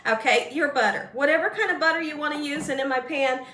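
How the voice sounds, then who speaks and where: A woman hosting a casual cooking demonstration in her home kitchen, chatty and excitable. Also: high-pitched, fast, echoey room, a little hiss or hum. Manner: chatty and excitable, laughs while telling stories. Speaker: cooking channel host.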